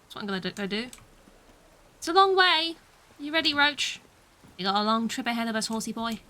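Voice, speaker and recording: A woman's voice: a little high, quick pace, pushed and bright. A young British woman streaming a game, chatting casually, mocking herself and laughing often. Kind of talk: casual gameplay commentary.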